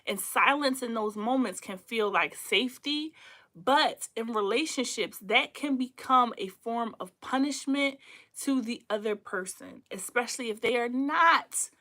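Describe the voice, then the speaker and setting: Animated woman teaching, bright-voiced. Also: fairly high pitch, unhurried. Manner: animated, preachy, laughs often. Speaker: host of a relationship talk show. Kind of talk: casual teaching livestream.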